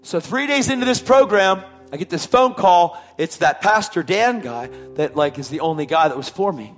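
A man with a slightly high voice shares his emotional personal testimony. He tells it like a dramatic storyteller, sinking to hushed tones before climbing to full shouts. Faint instrumental music plays behind him. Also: lively intonation, moderate pace. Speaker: testimony speaker.

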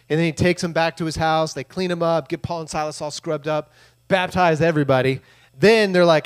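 Animated, jokey man preaching. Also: a little high, a little fast, clear, resonant tone. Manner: jokey, animated, acts out quoted voices. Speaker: pastor. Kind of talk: casual sermon. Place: church room.

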